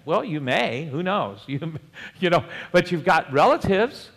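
A man preaching a sermon in a conversational way, with joking asides and chuckles and slow, deliberate scripture reading. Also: high voice, big pitch swings, fairly bright tone, big-room sound. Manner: reads scripture slowly and deliberately. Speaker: pastor.

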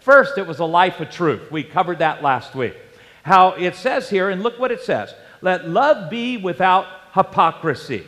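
A man's voice: sits high, lively intonation, moderate pace, fairly bright tone, big-room sound. A man preaching a sermon, telling a personal story in a conversational way and acting out the dialogue. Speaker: pastor.

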